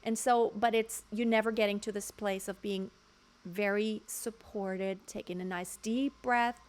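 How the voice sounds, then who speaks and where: A woman's voice: mid-range voice, fairly even intonation, unhurried. A woman vocal coach giving frank, emphatic casual commentary from home, now and then breaking into short sung demonstrations. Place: home room near construction noise.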